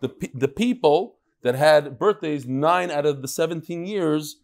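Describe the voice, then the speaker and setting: A man's voice: on the high side, a little slow, gravelly. A man leading a daily Talmud class, joking and teasing back and forth with the people in the room. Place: classroom with a live audience.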